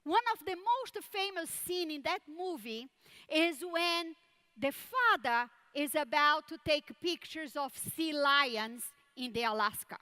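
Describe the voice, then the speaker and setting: Slow, bright-voiced woman giving a keynote. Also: high voice. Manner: measured, deliberate, repeats words for emphasis. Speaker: conference keynote speaker. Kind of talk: keynote speech with storytelling.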